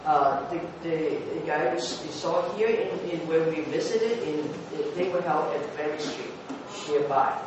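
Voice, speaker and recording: A man, a former TV news producer, telling anecdotes to an audience, lively and halting with fillers and restarts. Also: a little high, highs cut off. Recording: echoey hall, voice from far off with noise.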